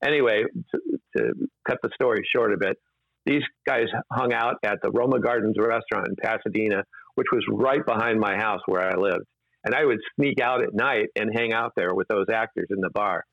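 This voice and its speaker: A man's voice: fairly low pitch, fairly quick, gravelly, dry recording. A man, an interview guest, telling rambling anecdotes casually with many fillers and restarts, in a dull, dry lo-fi recording.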